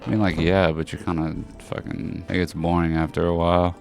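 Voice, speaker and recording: A man's voice: deep voice, little pitch movement, fairly quick, few pauses, a little mellow, soft background music. A man playing a game and reading its characters aloud, joking and swearing between lines. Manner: goofy, swears and jokes between read lines. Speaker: gaming streamer.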